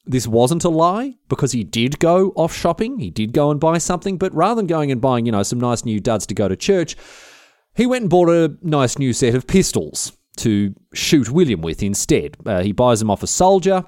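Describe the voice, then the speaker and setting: A man's voice: mid-range voice, big pitch swings, normal speed, a little mellow, no room sound, studio quality. A man hosting a history podcast, telling stories in a slangy, irreverent, casual way. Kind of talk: casual comedic storytelling.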